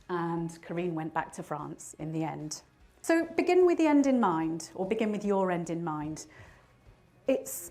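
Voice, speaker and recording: A woman's voice: lowish voice, darkish tone. A woman in her fifties giving a motivational talk, telling a personal story and laughing at herself now and then. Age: 50s. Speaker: motivational speaker.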